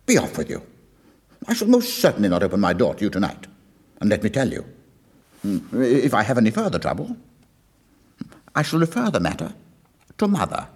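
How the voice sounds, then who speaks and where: A man's voice: fairly low pitch, huge pitch swings, brisk, long pauses, darkish tone, husky, full character voice. A man voicing an indignant young woman who scolds haughtily from her window. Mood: scolding.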